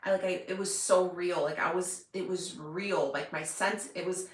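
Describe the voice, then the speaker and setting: Lady vlogging to camera, kinda low voice, talks in loose run-ons. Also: fairly even intonation, normal speed. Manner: rambling, chatty, many fillers and restarts. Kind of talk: casual chat to camera. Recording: echoey room.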